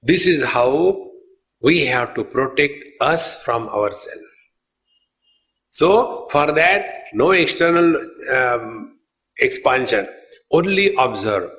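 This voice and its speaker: Casting: male swami, calm storytelling sermon, mid-pitched voice, speaks directly to listeners as friends. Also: slow pace, long pauses. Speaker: swami teaching spiritual discourse. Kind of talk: sermon on scripture.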